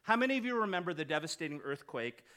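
A man's voice: fairly high pitch, big pitch swings, fast talker, sharp tone. A man who is the lead pastor, preaching a conversational sermon that puts questions to his congregation and adds light humor. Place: church hall with congregation.

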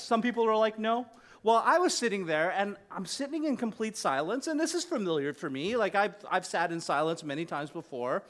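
A man's voice: sits high, a bit bright. A man who is the lead pastor, preaching a conversational sermon that puts questions to his congregation and adds light humor. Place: church hall with congregation.

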